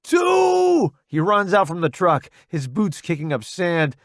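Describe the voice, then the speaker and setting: Male narrator, first-person audiobook, expressive, fairly high voice, dry sound. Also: moderate pace, dry recording.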